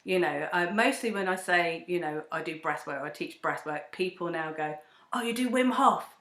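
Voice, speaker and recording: A woman talks about her own path as a guest in a conversational interview, her voice sitting a little low for a woman. She tells stories with animation and slips into other people's voices when quoting them. The room around her is echoey. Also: moderate pace. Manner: animated storytelling, acts out quoted voices. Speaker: breathwork teacher and singer-songwriter guest.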